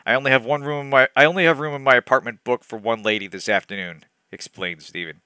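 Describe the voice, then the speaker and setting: A man's voice: medium pitch, steady tone, quick pace, sharp tone, smooth, no echo. A young adult man reading a bad novel aloud for a stream, breaking off into exasperated, laughing commentary. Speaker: let's play host reading a bad novel. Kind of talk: comedic reading aloud with asides to chat.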